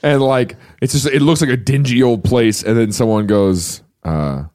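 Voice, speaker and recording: A man's voice: medium pitch, moderate pace, darkish tone, slight background noise. A man co-hosting a comedy podcast, riffing and acting out bits in silly voices. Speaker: podcast co-host. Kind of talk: casual comedic chat.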